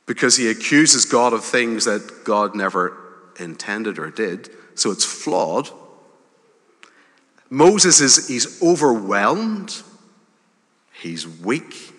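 A man in his fifties preaches in an unhurried, conversational way, letting his emphasis climb as he repeats a point. His voice is bright and forceful. A long reverb from the hall trails behind each phrase. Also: medium pitch. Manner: conversational, with gentle humor and rising emphasis. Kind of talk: sermon.

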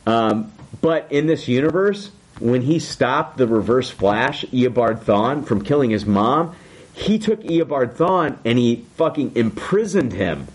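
A man casually recapping a TV episode for his co-hosts, excited and swearing freely. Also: mid-range voice, unhurried, husky. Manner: excited, swears a lot, acts out quotes. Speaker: podcast host recapping a TV episode. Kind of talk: casual chat.

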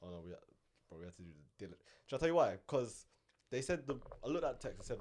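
A young man with a London accent, telling stories in animated, slangy casual banter with friends. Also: medium pitch, racing. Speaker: friend in group chat.

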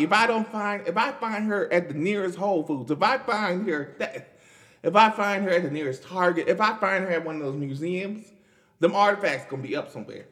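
A man's voice: high-pitched, fairly quick. Chatty young man riffing on news. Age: 20s. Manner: chatty, animated, many restarts and laughs. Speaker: podcast host. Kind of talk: casual news commentary.

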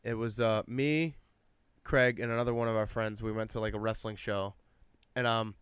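A young man on a podcast, telling stories in an animated way and swearing often. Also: fairly low pitch, normal speed, smooth, no echo. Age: young adult. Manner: animated storytelling, swears a lot. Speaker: podcast guest. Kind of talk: casual chat. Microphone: podcast mic.

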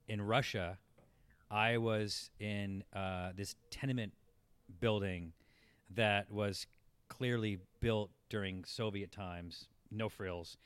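A man's voice: lowish voice, clear, resonant tone, dry recording. A man, around forty, telling a long anecdote in casual talk, rambling and laughing as it builds. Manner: rambling, laughing, animated when telling the story. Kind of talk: casual storytelling.

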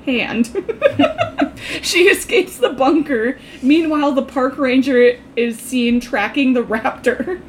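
A woman co-hosting a casual podcast, reading out a brisk plot recap and swearing freely. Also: sits high, lively intonation, slight background noise. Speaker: podcast co-host recapping a film. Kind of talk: casual chat.

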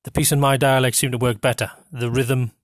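A man with a North East English accent hosting a podcast, rambling with many pauses and restarts. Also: mid-range voice, level tone, dry recording, studio quality. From North East England. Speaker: podcast host. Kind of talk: casual monologue with a dialect reading.

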